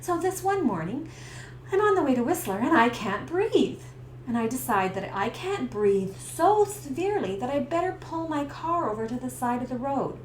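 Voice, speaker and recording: This middle-aged Canadian woman, a stress coach and business owner, tells a personal story to camera and acts out the scenes as a lively storyteller. Her voice is high and her speed normal. The recording has a roomy echo and faint background hiss.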